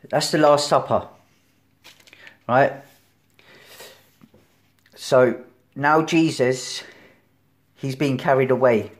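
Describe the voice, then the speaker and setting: Man, informal preacher, conversational, asks "right?" often, acts out voices, loud bursts then quiet low lines, middle pitch. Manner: conversational, keeps asking "right?", acts out crowd and Pilate. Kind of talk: informal sermon.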